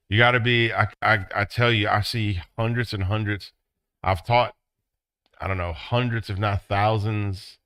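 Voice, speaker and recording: Animated man lecturing a class. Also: creaky, no room sound. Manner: acts out quotes in a high excited voice. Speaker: business instructor.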